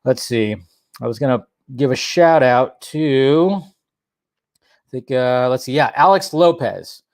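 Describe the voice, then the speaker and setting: A man's voice: mid-range voice, slow pace, darkish tone. A young man hosting a casual live stream, chatting in a rambling way and talking straight to viewers in the chat. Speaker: host.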